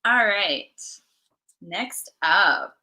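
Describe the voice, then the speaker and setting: A woman's voice: mid-range voice, lively intonation, drawn-out words, sharp tone. A woman co-hosting a comic shop stream, chatting casually and laughing often at herself. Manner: giggly, self-deprecating. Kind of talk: casual chat.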